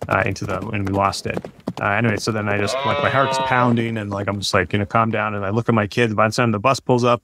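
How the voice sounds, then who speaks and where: A man's voice: fairly low pitch, noisy background. A man in his forties, a podcast guest telling a story casually, rambling with many fillers and restarts. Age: 40s. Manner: rambling, lots of fillers and restarts, lively when retelling.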